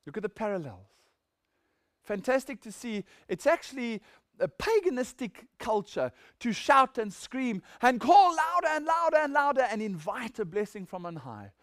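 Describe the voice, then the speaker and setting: A man's voice: very high voice, big pitch swings, moderate pace, a bit bright, no room sound, studio quality. A man preaching a sermon, reading scripture and asking rhetorical questions with mocking asides.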